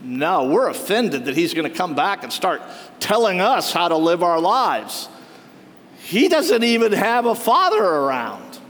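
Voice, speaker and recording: A man's voice: sits high, very animated, a little slow, fairly bright tone. A man preaching a sermon as pastor, telling stories and acting out the lines of quoted townspeople. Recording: long reverb of a hall.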